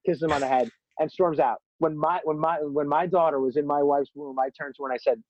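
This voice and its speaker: A man guest in a conversational interview, talking at length with asides and animated anecdotes. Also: a little high, fast talker, few pauses, no echo, highs cut off. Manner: long-winded, animated storyteller with many asides. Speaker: podcast guest, TV executive.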